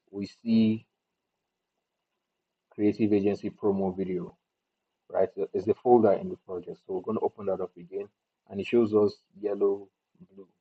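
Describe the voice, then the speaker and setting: A man's voice: on the low side, breathy edge. A man casually walking through a video editing tutorial, thinking aloud as he goes and restarting his sentences. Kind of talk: casual screen-recorded tutorial. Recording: tinny phone-like audio.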